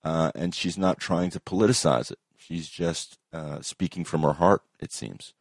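A man hosting casual commentary, talking with many ums and uhs and pausing often. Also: low voice, gravelly, slightly rough, no echo, clean studio sound.

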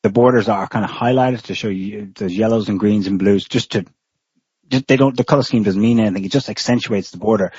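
A man's voice: lowish voice, brisk, darkish tone, breathy edge, no echo. A man co-hosting a podcast, talking through political commentary in a casual, rambling way with frequent restarts. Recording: dull lo-fi recording.

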